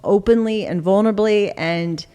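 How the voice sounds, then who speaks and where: A woman's voice: mid-range voice, normal speed, dark tone, clear, resonant tone. A tired woman co-hosting a relationship podcast, speaking candidly and joking at times. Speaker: podcast co-host. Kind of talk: casual chat. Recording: long hall reverb.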